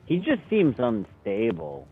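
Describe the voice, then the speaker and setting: A man's voice: medium pitch, huge pitch swings, takes it slowly, slightly rough, narrow, tinny audio. A young man playing in a tabletop game, joking and casual. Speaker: player. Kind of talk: casual chat.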